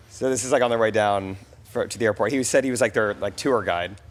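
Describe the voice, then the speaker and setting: A man co-hosting a podcast, chatting casually and relaxed, recounting a group trip. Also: on the low side, slight background noise. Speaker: podcast co-host. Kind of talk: casual chat.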